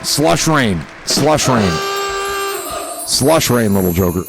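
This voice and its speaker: A man's voice: mid-range voice, sing-song, slow pace, creaky. A man hosting a livestream, casually reading viewer comments aloud and riffing on them with profane jokes. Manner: joking and profane, riffing on chat messages. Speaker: livestream host.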